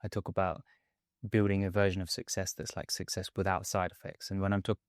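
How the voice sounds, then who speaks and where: A man with a lowish voice talks through his coaching ideas in a conversational podcast interview. He speaks in a measured, hedging way, padding his points with "sort of" and "kind of". The sound is dry and close. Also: level tone, clean tone, no echo. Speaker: mindset and anxiety coach, podcast guest.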